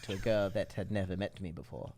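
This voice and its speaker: A man co-hosting a podcast, telling a story in an animated, joking way. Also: low voice, fast talker. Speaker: podcast co-host. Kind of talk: casual chat, storytelling.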